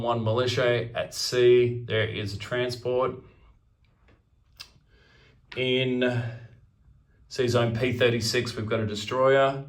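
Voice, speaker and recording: A man narrating his turn in a strategy board game, methodically counting units and pieces aloud as he moves them. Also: medium pitch.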